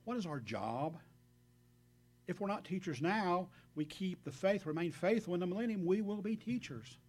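Man preaching a chatty sermon, kinda high voice, earnest, talks right to the congregation. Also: animated, normal speed. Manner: earnest, warm direct address to the congregation, reflective asides. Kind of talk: conversational sermon with scripture reading.

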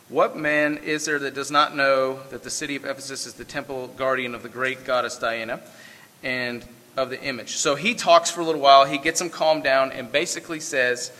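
A man preaching a sermon, mixing scripture reading with relaxed, folksy asides. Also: mid-range voice, big-room sound. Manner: conversational, folksy asides with fillers. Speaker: pastor.

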